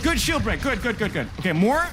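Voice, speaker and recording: A man reviewing gameplay in an exasperated rant, repeating himself and often shouting. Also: sits high, big pitch swings, a little fast, over music.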